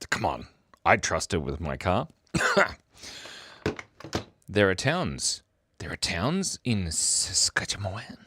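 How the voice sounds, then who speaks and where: A man chatting playfully on his livestream, silly and giggly. His voice sits low but leaps up and down in lively swings. The sound is dry and close, with no room around it. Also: slightly rough, dry recording. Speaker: livestream host. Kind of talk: casual livestream chat.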